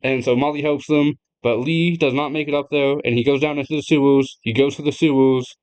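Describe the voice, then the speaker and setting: Excitable young man retelling a game. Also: mid-range voice, fairly quick, smooth. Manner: excitable, laughs often, swears freely; chatty, addresses viewers directly. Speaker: gaming video creator. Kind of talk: casual retelling of a game story.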